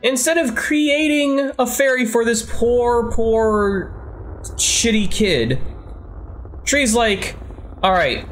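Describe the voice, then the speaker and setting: A man's voice: very high-pitched, slow pace, slight background noise. A young man giving teasing, sardonic commentary on a game with dry asides. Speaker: let's play co-host. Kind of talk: casual gameplay commentary. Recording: faint game music behind.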